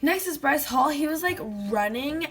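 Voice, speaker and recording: A woman's voice: sits high, animated, normal speed, fairly bright tone, soft background music. A woman vlogger chatting casually to camera, rambling with lots of fillers. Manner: rambling, fillers of "like", acts out quotes.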